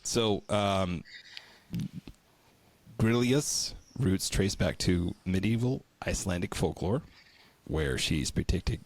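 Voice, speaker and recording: A man's voice: sits low, takes it slowly, long pauses, dry recording. A man co-hosting a podcast in casual chat, reading folklore notes aloud, swearing, joking and stumbling over words. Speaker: podcast co-host.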